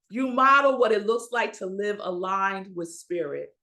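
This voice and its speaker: A woman minister preaching a Sunday sermon, slow and emphatic, asking the congregation rhetorical questions and pausing for effect. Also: medium pitch, lively intonation, sharp tone.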